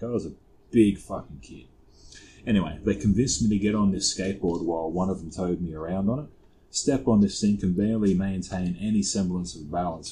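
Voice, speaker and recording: A young Australian man with a lowish voice tells stories in loose, profane podcast chat. He is relaxed, rambles through anecdotes and curses freely as he goes. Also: low-quality recording. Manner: sweary, laid-back storyteller. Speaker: podcast co-host. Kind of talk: casual storytelling chat.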